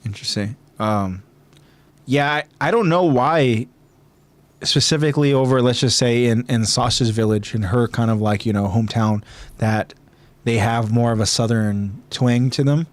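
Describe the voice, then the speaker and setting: A man's voice: medium pitch, moderate pace, no echo. A man hosting a podcast in casual chat, rambling with many fillers and restarts. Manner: rambling, filler-heavy, hesitant. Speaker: podcast host.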